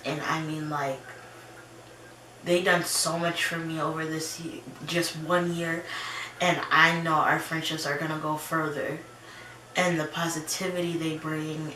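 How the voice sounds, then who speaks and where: A young woman in her twenties telling a personal story in a casual, animated chat with her viewers. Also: deep voice, slight background noise. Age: 20s. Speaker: vlogger. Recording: roomy echo, slightly distant mic.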